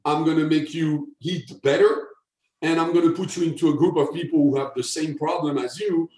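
A man's voice: on the high side, a little mellow. Man explaining in an echoey room. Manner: lectures with examples, often adds a tag question. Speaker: guest, sales persuasion expert. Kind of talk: explanatory interview talk.

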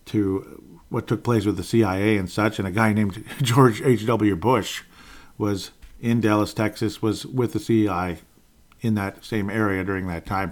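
A man in his forties giving a casual, rambling, opinionated political monologue, chuckling often. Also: lowish voice. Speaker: political commentator.

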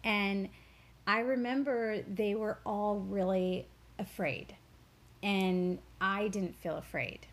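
A woman's voice: mid-range voice, steady tone, slow pace. A woman guest in an interview, a spiritual teacher, talking earnestly and reflectively about her faith and a childhood memory, with fillers and repeated words. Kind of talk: personal storytelling in an interview.

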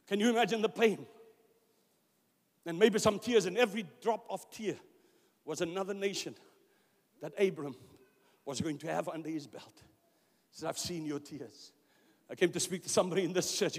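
Gravelly high-pitched preacher in a reverberant church. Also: male voice, normal speed, pauses often. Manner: impassioned preaching, voices God's words in quotes. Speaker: pastor. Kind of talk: sermon. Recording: long reverb of a church hall.

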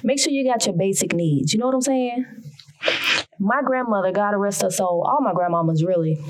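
Folksy Southern woman hosting a podcast. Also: medium pitch. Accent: Southern American. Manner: folksy, emphatic, preachy. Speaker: podcast host. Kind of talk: casual solo podcast talk.

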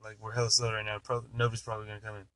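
A man's voice: lowish voice, monotone, very fast, fairly bright tone, no echo, natural voice. Flustered, foul-mouthed priest, put on by a man telling a joke, dry close sound. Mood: casual. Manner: crude, cursing, improvised. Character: flustered middle-aged male priest.

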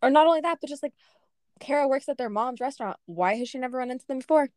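A young woman co-hosting a casual book podcast, talking in an animated way with lots of laughs and fillers. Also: sits high, fast, dry recording, clean studio sound. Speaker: podcast co-host. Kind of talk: casual book-review chat.

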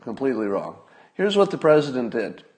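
A man's voice: mid-range voice, very animated, a little fast, a little mellow. A man hosting a solo podcast, talking casually in a wry manner, with asides and restarts. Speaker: podcast host.

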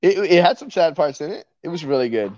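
A man's voice: fairly high pitch, big pitch swings, quick pace, darkish tone, no echo. A man chatting casually at home, laid-back and teasing, often chuckling. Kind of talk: casual chat. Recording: dull, slightly lo-fi mic.

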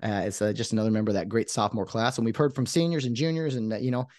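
A man's voice: fairly low pitch, steady tone, racing, a little mellow, no echo, clean studio sound. A man hosting a podcast, talking in a fired-up, emphatic way that rambles with restarts. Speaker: podcast host. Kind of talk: excited podcast monologue.

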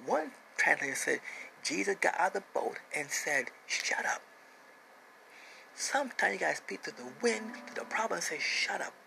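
A man preaching a sermon, emphatic, repeating phrases and dropping into hushed whispers. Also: sits high, very animated, brisk, creaky, a little hiss or hum, low-quality recording.

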